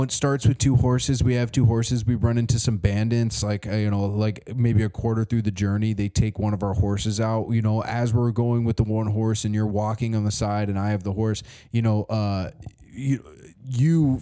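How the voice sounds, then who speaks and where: A man's voice: medium pitch, mellow. A man co-hosting a comedy podcast, improvising a silly adventure story in a rambling way with lots of fillers and restarts. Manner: rambling, many restarts and fillers, laughing at his own story. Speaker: podcast co-host.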